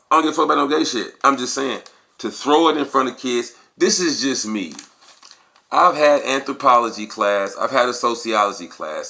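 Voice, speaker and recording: A man's voice: mid-range voice, sharp tone. A man talking casually on camera, giving a rambling, profane opinion monologue and acting out quotes with animation. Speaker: video blogger.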